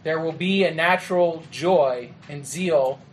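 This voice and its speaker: A man giving a training talk to youth ministry leaders in a conversational way, often checking in with "okay?" and "right?" and acting out quick exchanges. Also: a little high, slight background noise. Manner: acts out quick quoted exchanges. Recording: echoey room with faint ambience.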